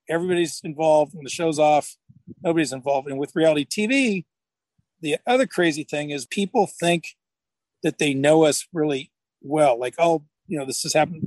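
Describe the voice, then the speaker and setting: The recording is rough and dry, with no room sound, capturing a middle-aged man whose voice is fairly high yet darkish in tone. As a guest on a podcast, he chats casually, rambling through stories and restarting his sentences as he corrects himself.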